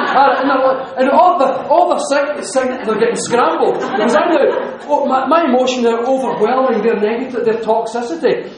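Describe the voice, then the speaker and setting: A man telling a lively story to an audience, laughing often and restarting his sentences. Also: very high voice, quick pace, few pauses, a crowd in the background. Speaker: speaker giving a talk. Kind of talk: lively anecdotal talk to an audience. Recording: echoey hall.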